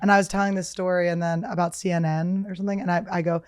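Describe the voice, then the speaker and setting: A woman in her thirties co-hosting a podcast, telling crude, animated stories in casual chat. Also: fairly low pitch, racing, clear, resonant tone, no room sound, studio quality. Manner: animated, crude jokey storytelling. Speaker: podcast co-host.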